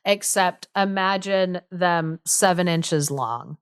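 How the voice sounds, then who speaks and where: A woman's voice: on the low side, takes it slowly, clean tone, no echo, clean studio sound. A woman podcast co-host retelling a folk tale in a chatty, amused way with many fillers. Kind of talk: casual storytelling chat.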